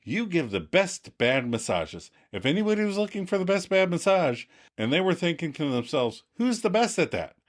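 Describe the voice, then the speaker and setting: A man's voice: a little high, very animated, normal speed, voice pushed up. A man voicing a flustered young boyfriend who fumbles and backpedals, quoted in a podcast recap. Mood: sheepish. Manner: sheepish, fumbling quoting.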